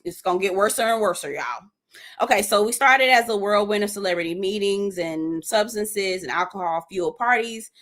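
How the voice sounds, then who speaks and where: A woman hosting a live gossip stream, talking in an animated, sassy way straight to her viewers and reading out their comments. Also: medium pitch. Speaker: host of a live gossip show.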